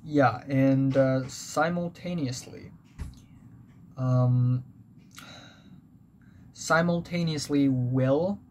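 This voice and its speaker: A young vlogger shares a personal story in a rambling, confessional manner, with many fillers and restarts. His medium-pitched voice is very slow and darkish, with long pauses, and background noise is clearly heard.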